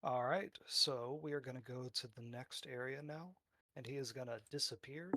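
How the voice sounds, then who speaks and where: A man's voice: mid-range voice, moderate pace, background noise. A man narrating a tabletop game as game master, describing scenes loosely with fillers.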